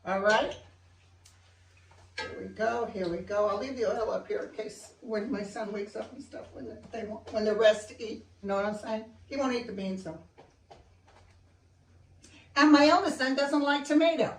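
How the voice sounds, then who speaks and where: A woman's voice: mid-range voice, fairly even intonation, moderate pace, a little hiss or hum. A woman hosting a casual home cooking demo, chatting straight to her viewers and eating as she talks. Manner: eats and talks with mouth full. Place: home kitchen. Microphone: camera mic set far off. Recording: echoey kitchen, distant camera mic. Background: faint clatter of dishes and pans.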